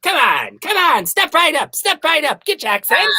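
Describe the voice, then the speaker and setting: A man's voice: very high-pitched, very animated, moderate pace, bright, forceful tone, pitched above the performer's own voice, exaggerated voice. A man voicing a pushy street hawker who turns into a folksy Texan dad, with a Texan accent and a barking sales patter. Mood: hawking. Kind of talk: improvised comedy.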